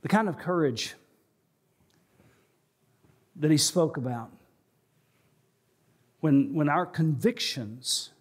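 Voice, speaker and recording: A male pastor preaching a sermon in a church, telling a story and slowing and rising in pitch for emphasis. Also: lively intonation, slightly rough. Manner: storytelling, slows and rises for emphasis. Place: church sanctuary.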